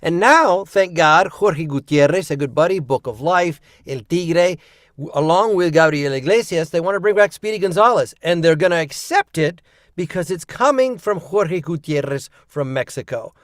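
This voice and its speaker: Lively man with a high voice. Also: moderate pace, no echo, clean studio sound. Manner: lively storyteller who acts out the people he quotes. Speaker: voice actor guest. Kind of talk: casual chat.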